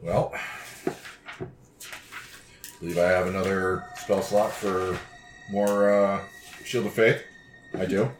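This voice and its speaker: A man's voice: sits low, fairly even intonation, slow pace, pauses often. Laughing man playing a tabletop game. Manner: upbeat, laughs often, plans aloud. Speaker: player. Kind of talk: casual chat over a tabletop game. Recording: roomy recording with faint background noise.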